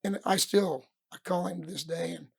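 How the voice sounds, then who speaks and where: A middle-aged wrestling coach talks at normal speed in a high, husky, gravelly voice. During a casual podcast interview he spins stories from his youth, acting out his old coaches' words with animation.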